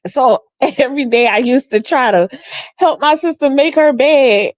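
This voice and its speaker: At normal speed, with no echo and studio-quality sound, a middle-aged woman hosts a livestream. It's a casual storytelling chat where she reads comments, tells family stories, laughs a lot, and animatedly voices quotes up high.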